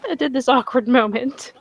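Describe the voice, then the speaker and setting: A woman's voice: a little high, normal speed, background noise. A woman narrating her character in a tabletop role-play session, chatty and giggly.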